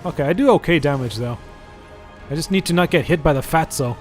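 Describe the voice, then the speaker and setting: Chatty gaming streamer man, slightly high. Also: fast talker, soft background music. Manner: chatty, swears, yelps at hits. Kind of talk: live gameplay commentary.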